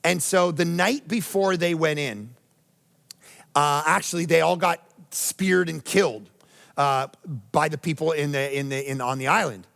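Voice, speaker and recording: A man preaching a lively sermon as pastor, speaking in a Canadian accent and acting out whiny voices along the way. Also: a little high, a little slow, vocal fry, big-room sound. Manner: animated, acts out whiny voices and jokes.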